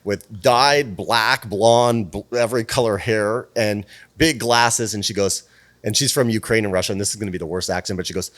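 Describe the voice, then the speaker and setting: A man who is a guest on a podcast, telling stories in a casual, animated way, swearing freely and acting out the dialogue. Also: lowish voice, moderate pace. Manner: animated, profane, plays out dialogue. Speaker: podcast guest, PR firm president. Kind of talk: casual storytelling.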